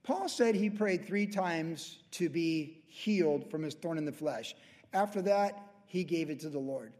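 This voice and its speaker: A pastor with a high voice teaches scripture verse by verse, talking to the room like a friend and dropping into quoted voices. His words ring out with the long reverb of a large church hall. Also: a little slow, darkish tone. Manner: conversational, acts out quoted voices.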